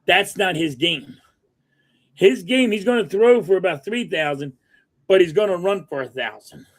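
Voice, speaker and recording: A man's voice: sits high, expressive, normal speed. A man talking sports casually as a podcast co-host, often agreeing and building on his partner's points.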